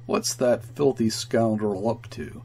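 A man voicing Carlier, a blunt, cynical male colonial trader who speaks gruffly and forcefully. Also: on the low side, takes it slowly, exaggerated voice.

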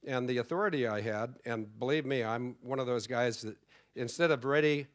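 Man, middle-aged, conference speaker, lively storyteller who acts out quotes. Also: medium pitch, normal speed. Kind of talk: conference talk. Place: conference hall.

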